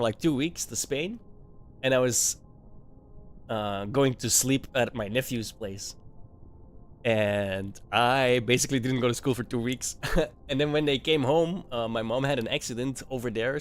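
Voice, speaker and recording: Laughing, swearing young guy streamer. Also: medium pitch. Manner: laughs often, swears freely, many restarts. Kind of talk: casual storytelling to a live chat. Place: home streaming setup.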